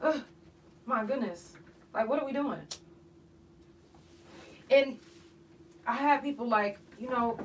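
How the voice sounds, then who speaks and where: A woman's voice: a little high, takes it slowly, long pauses, slight background noise. A woman hosting a podcast, ranting bluntly and profanely in an emphatic, outspoken monologue. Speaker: podcast host. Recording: voice a bit far from the mic.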